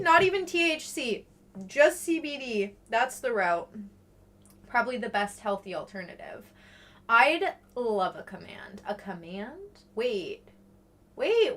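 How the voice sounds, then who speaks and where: A young woman streaming and chatting casually with viewers, swearing freely and reading chat aloud. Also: fairly high pitch. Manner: excitable greetings, frequent laughs.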